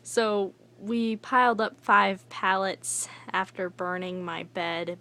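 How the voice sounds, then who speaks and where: A young woman telling a casual, rambling vlog story, full of fillers and with soft whispery asides. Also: medium pitch, slow pace, few pauses. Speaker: vlogger.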